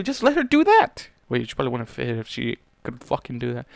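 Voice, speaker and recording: A man's voice: sits high, wildly swooping pitch, fast, creaky, few pauses, slight background noise. A man casually reading a pony fan story aloud, breaking off with profane, exasperated asides. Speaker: fanfiction reader.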